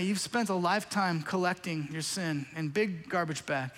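A man's voice: sits high, moderate pace, fairly bright tone, big-room sound. A man preaching a sermon as pastor, earnest and pleading, often repeating phrases.

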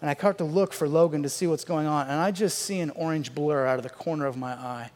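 A middle-aged man telling a comic story on stage, animated, with loud outbursts and hushed asides. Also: a little high, fast talker. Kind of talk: stand-up storytelling. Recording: long reverb of a large hall.

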